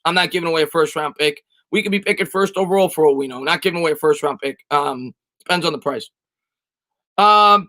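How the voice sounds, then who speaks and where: A man's voice: fairly high pitch, pushed and bright. A man hosting a live sports stream, chatting casually and answering viewers' comments. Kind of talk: live-stream chat reading.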